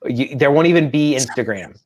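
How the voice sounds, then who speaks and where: A man in his thirties co-hosting a casual chat show, telling animated family stories and slipping into quick impressions. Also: mid-range voice. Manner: chatty, animated storytelling with voiced impressions. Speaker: podcast co-host.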